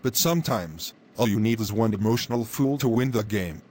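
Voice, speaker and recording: A man voicing a sly male tenant who flatters his landlord to his face and gloats about fooling him in private. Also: on the low side, brisk. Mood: gloating. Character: scheming male tenant faking poverty, sly.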